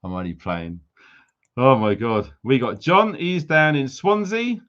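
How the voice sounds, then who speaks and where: Male livestream host, mid-pitched, jokey and teasing, slightly muffled lo-fi audio. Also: measured pace, fairly bright tone. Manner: jokey, teasing banter with viewers. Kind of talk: casual livestream chat.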